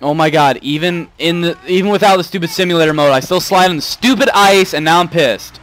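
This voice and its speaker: A young man commentating a video game playthrough, muttering asides and breaking into loud swearing outbursts. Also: high-pitched, fast. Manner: swings between mumbled asides and loud angry outbursts, swears a lot. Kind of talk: let's play commentary.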